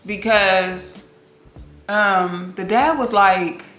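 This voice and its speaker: A woman giving a casual, candid recap of a reality TV episode, expressive and quick to swear. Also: medium pitch. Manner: candid, expressive, swears freely, acts out quotes. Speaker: TV recap host. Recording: roomy echo with faint music behind.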